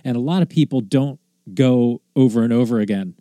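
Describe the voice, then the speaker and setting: A male comedian chats loosely in a casual podcast, dropping the odd swear word. His voice is warm and mellow. The sound is dry and close. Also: medium pitch, a little fast, dry recording.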